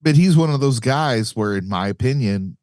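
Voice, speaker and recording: A man co-hosting a podcast, chatting casually, giving measured opinions and teasing his co-hosts. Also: mid-range voice, expressive, a little mellow, dry recording, studio quality. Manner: offers measured opinions, teases. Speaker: podcast co-host. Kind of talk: casual chat.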